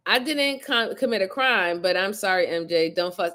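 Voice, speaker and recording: A woman's voice: medium pitch, animated, moderate pace, hardly any pauses, pushed and bright. A woman hosting a crime reaction show, talking casually to her chat in a blunt, exasperated way, cursing and laughing often. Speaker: host reacting to crime videos.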